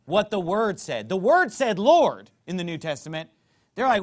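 A man's voice: sits high, big pitch swings, moderate pace. A man preaching a sermon as pastor, emphatic and fond of rhetorical questions.

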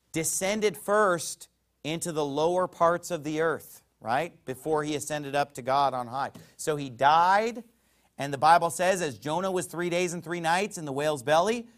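A man preaching a sermon, emphatic, with sharp swings in loudness and scripture quoted in old-fashioned wording. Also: a little high. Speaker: pastor.

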